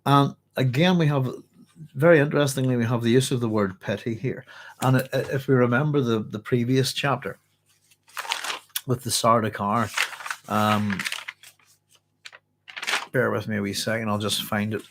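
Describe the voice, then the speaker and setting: A hoarse man hosting a book club, chatting casually and reading passages aloud with rambling self-corrections. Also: mid-range voice, steady tone, normal speed, pauses often, a little hiss or hum. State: hoarse, clearing his throat.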